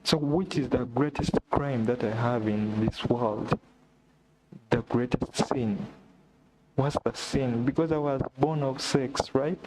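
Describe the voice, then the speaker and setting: A man talks into his live vlog stream very slowly, circling back to the same despairing lines again and again. His carries through a mid-range voice. Steady background noise and clicking sit clearly behind him. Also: mid-range voice. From Uganda. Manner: despairing, repetitive lament addressed to God. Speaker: vlogger.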